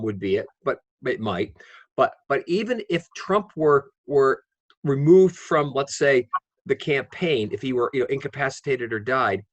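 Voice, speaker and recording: A man who is a political science professor, giving measured, explanatory answers with dry wit from home over a video call. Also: medium pitch, no room sound. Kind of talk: interview answers.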